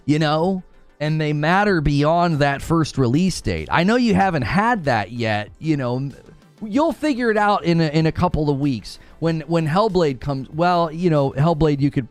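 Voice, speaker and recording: Sarcastic, lively man hosting a live show. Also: a little high, no room sound. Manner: sarcastic, laughing often, animated. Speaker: live talk show host. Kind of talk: live stream commentary reading super chats.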